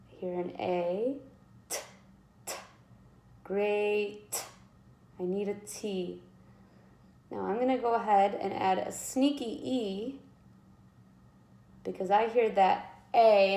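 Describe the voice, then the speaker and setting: A woman teaching a kindergarten writing lesson, sounding out letters slowly and encouraging young children. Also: medium pitch, a little mellow, roomy sound.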